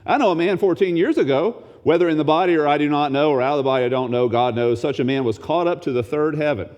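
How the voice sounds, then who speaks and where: A male pastor delivering a sermon in a mid-pitched voice. He swings widely from low, hushed asides up to sudden high, excited exclamations, animated throughout. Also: fast talker, lo-fi sound.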